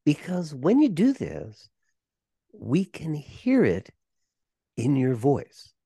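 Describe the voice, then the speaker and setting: An older man, a performer who also coaches voices, tells animated and warm anecdotes as an interview podcast guest. His voice is on the high side, creaky and slightly rough, and he talks at a slow pace. There's no room sound.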